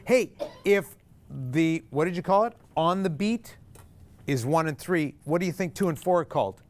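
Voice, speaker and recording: Loud ukulele strumming fills the background as a man with a slightly high voice leads a group music lesson at normal speed. He counts beats aloud, calls out chords and quizzes his students.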